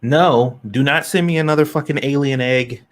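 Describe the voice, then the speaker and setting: A man's voice: fairly high pitch, moderate pace. A man co-hosting a live chat stream, speaking bluntly and swearing freely as he rants. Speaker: podcast co-host.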